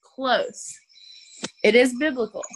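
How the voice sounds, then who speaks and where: A young woman from North Carolina, a stand-up comedian guest, telling jokey stories in animated chat. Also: sits high, takes it slowly, slight background noise. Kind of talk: casual chat.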